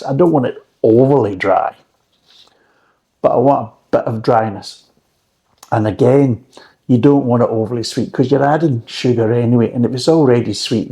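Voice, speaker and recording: Mellow, rambling man chatting recipes. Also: mid-range voice. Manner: rambling, chatty, dry joking asides. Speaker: drinks reviewer. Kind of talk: casual home recipe chat.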